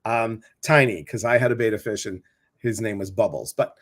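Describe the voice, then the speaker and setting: A man's voice: lowish voice, normal speed. A man hosting a casual interview, chatty and rambling, with many fillers and restarts. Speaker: host.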